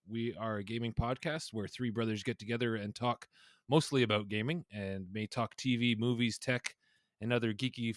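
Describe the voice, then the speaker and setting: Casting: man, bright tone, easygoing podcast guest, dry sound. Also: medium pitch, clear, resonant tone, no echo. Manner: easygoing, laughing. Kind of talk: casual podcast chat.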